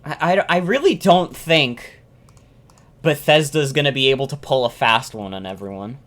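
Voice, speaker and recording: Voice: medium pitch, lively intonation, normal speed, a bit bright. Profane ranting game streamer. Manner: profane, ranting, repeats themselves. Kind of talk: casual live-stream reaction chat.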